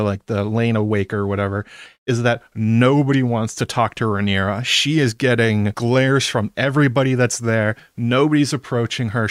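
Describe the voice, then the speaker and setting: A man recaps a TV episode in a casual live stream from home, chatting in a rambling way, cutting himself off mid-sentence and chuckling often between thoughts. His voice is at an ordinary middle pitch, and the sound is close and dry without room echo.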